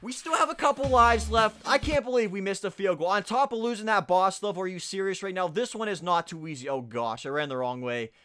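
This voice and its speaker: A man commentating his own football video game at home, pleading quietly one moment and yelling in fury the next. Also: sits high, lively intonation, brisk, hardly any pauses, faint music behind. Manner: swings from pleading murmurs to furious yelling. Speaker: gaming YouTuber. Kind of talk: raging gameplay commentary. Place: home room. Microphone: desk microphone.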